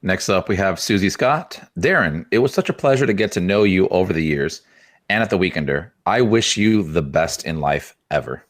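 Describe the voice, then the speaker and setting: A man's voice: sits low, animated, normal speed. A man co-hosting a podcast, reading out listener messages and laughing between them. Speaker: podcast co-host.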